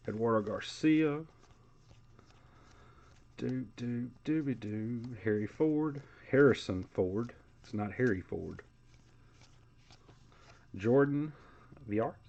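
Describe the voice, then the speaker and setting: A man's voice: medium pitch, darkish tone, dull audio. A man hosting a live sports card break, calling out player names in a casual, chatty way.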